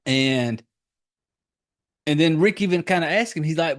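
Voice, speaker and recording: A man's voice: fairly high pitch, lively intonation, normal speed. A man in his forties, a podcast host, giving a rambling, profane casual recap of a movie.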